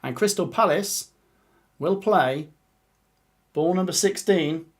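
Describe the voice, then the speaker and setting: A man streaming live as he reads out a cup draw. He talks in a chatty, excitable way, breaks into laughter, and keeps urging viewers to comment and subscribe. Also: sits high, slow pace. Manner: chatty and excitable, laughs often, calls out the results. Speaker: streamer hosting a live watch-along.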